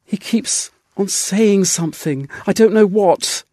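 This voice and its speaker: Male reader doing an anxious stammering young mother for an audiobook; slightly raised, soft, slow. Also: high voice, no echo, studio quality, voice pushed up. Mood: frightened. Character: timid frightened young country mother. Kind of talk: audiobook character voice.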